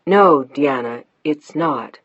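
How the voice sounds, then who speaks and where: A woman reading an audiobook, voicing a tender, lovestruck grown man in a softly urgent, emotional way. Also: low-pitched, expressive, slow pace, highs cut off, full character voice.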